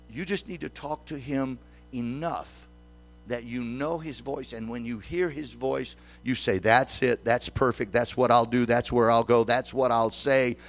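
A man's voice: mid-range voice, vocal fry. A man in his sixties preaching a sermon as pastor, often putting questions to the congregation. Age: 60s.

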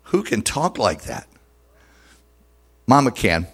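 A man preaching a sermon as pastor, emphatic and dramatic, speeding up and slowing down for effect. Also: medium pitch, sing-song, a bit bright, breathy edge.

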